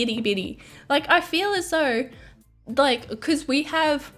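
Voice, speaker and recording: An Australian woman streamer chatting casually, rambling and excitable, swearing and laughing often. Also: high-pitched, measured pace, soft background music.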